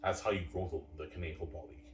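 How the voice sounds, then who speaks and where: A man's voice: low-pitched, fairly even intonation, racing. A man giving a casual opinion rant as a sports commentator, repeating himself with stammering restarts and calling his listeners "man" and "guys". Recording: roomy room, distant mic, faint ambient noise.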